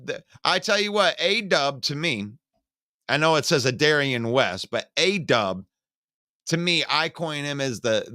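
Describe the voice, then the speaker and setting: A man hosting a live-streamed football talk show, casually greeting viewers by name, reading comments and giving opinionated, animated takes. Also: a little high, no echo, clean studio sound. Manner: opinionated and animated, rants with sarcasm. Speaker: sports talk show host.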